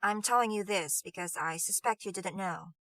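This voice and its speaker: A woman voicing a cool, menacing young gang leader who speaks low and mocking. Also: normal speed, fairly bright tone, no room sound, lightly acted.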